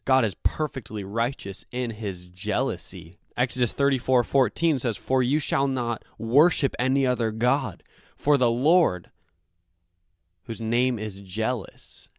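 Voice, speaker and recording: A man's voice: medium pitch, no echo. Earnest man preaching in a dry room. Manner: earnest, emphatic preaching with frequent scripture quotes. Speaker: podcast host. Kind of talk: devotional podcast teaching.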